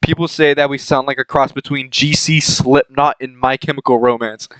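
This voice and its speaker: A man's voice: mid-range voice, fairly even intonation, moderate pace, fairly bright tone, clean tone, dry recording, low-quality recording. A young man doing a comedic reading of a fanfic aloud, often laughing and breaking off to comment on the text. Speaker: reader of a fanfic.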